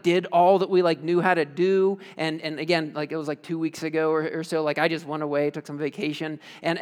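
A man preaching a sermon as pastor, casual and animated, telling stories with lots of fillers. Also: high-pitched. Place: church sanctuary. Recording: long reverb of a church hall.

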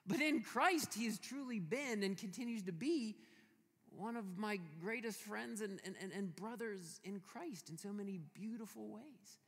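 High-voiced pastor in a reverberant hall. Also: male voice, moderate pace, creaky, a bit bright, slightly rough. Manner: storytelling, playful and emphatic. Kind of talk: sermon. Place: church hall.

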